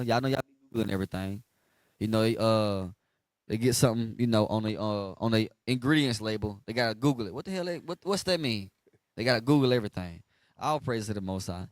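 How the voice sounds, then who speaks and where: A man's voice: mid-range voice, dry recording. Blunt slangy man preaching. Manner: blunt, slangy, animated, asks the crowd to finish verses. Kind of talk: street sermon teaching.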